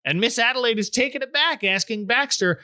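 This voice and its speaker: A man's voice: extremely high pitch, fairly quick, pushed and bright, no room sound, clean studio sound. A middle-aged man hosting a casual chat recap, wry and joking. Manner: wry, joking, puts on silly voices for quotes. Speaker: podcast host recapping a TV special.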